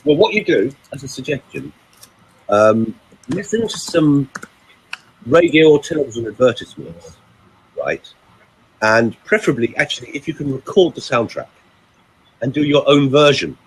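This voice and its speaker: An older man from the United Kingdom, a vocal coach and voiceover actor, chats casually and theatrically through anecdotes. His mid-range voice is very animated at a moderate pace with long pauses, on poor audio with a little hiss or hum.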